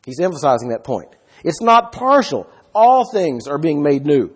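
A man preaches a sermon in a husky, somewhat high voice. He stresses key words hard and keeps asking his listeners questions. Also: very animated, normal speed. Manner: emphatic, asks the listeners questions.

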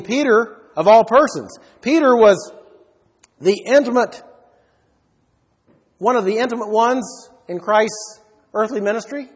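A man with a high, husky voice delivers an expository sermon. He is emphatic and poses rhetorical questions to his listeners. His words ring out with a long reverb, as in a large hall. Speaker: preacher.

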